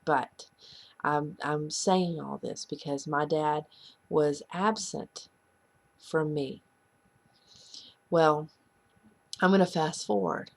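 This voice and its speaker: A woman with a low voice tells a hard personal story, earnest and halting. Her voice has a gravelly, creaky edge, and she speaks slowly. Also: fairly even intonation. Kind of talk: heartfelt personal testimony.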